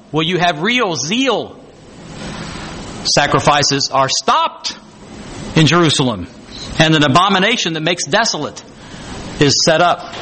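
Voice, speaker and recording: A male preacher with a high, bright voice delivers a sermon, slowing down to stress key words. His pitch rises and falls widely as he puts one rhetorical question after another to the congregation. Faint room noise sits behind him. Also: poor audio.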